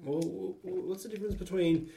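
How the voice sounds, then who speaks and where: A man co-hosting a casual podcast, talking in an animated, joking way. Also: high voice, fairly quick, gravelly. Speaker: podcast co-host. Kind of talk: casual chat.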